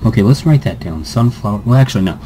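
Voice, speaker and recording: A young man reads a game's story aloud in a low, mellow voice, lingering over the dramatic lines. Between passages he slips into giggly, rambling asides. A faint hiss sits under the recording. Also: lively intonation, fast, poor audio. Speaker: let's-play host reading game text. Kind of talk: reading a visual novel aloud with chatty asides.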